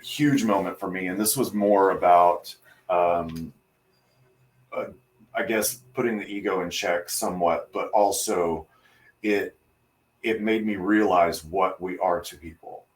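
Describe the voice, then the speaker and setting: A man, a hairdresser co-hosting a podcast, tells a story in a relaxed way with many pauses and fillers. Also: low-pitched, distant mic. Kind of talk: casual podcast chat.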